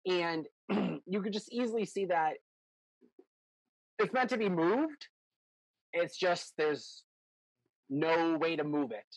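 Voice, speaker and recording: A man's voice: high voice, slow, long pauses, dry recording, poor audio. A man running a tabletop game as game master, describing scenes in a rambling, self-correcting way.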